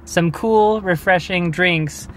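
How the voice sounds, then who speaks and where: A young man vlogging outdoors on a handheld camera, telling stories in an animated, casual way with laughs. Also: high-pitched, slow pace, low-quality recording. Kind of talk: casual vlog chat. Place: outdoors on a busy street. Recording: faint street noise outdoors.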